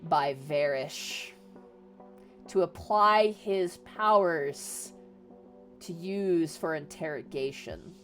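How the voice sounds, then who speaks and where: A woman's voice: sits low, extremely slow, fairly bright tone, soft background music. A woman streamer retelling a book to her chat in a rambling, sarcastic way, swearing and full of fillers.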